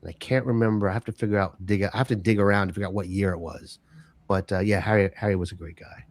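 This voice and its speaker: A man hosting a podcast, chatting casually in a relaxed, conversational way. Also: fairly low pitch, fast, dry recording. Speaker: podcast host. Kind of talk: casual chat.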